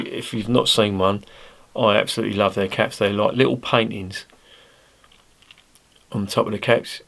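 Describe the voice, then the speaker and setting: Chatty man, low voice. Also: a bit bright. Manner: chatty, rambling, jokey asides. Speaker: beer reviewer. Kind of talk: casual beer review to camera.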